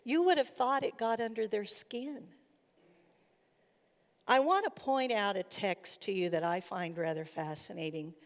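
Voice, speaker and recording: Slow-speaking woman preaching in an echoing chapel. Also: medium pitch. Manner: earnest storyteller, retells dialogue. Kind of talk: sermon. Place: college chapel. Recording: echoey hall reverb.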